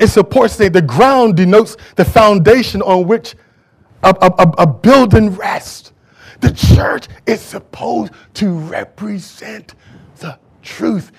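High-voiced emphatic male preacher. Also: gravelly. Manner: emphatic, conversational preaching with repetitions. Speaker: pastor. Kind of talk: sermon. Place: church.

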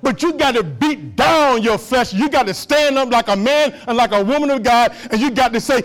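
A male pastor with a notably high voice preaches to his congregation in a church. He repeats short calls to action and swings between loud, driving emphasis and quiet, low asides. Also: expressive, a little fast, hardly any pauses. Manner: preaching with rising and falling intensity, repeating short exhortations. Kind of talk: sermon.

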